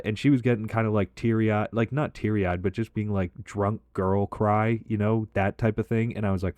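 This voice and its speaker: Storytime guy: lowish male voice, dry close sound, loose filler-heavy rambling with frank swearing. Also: steady tone, moderate pace, few pauses, darkish tone, dry recording. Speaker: storytime commentator. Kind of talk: casual storytelling over gameplay.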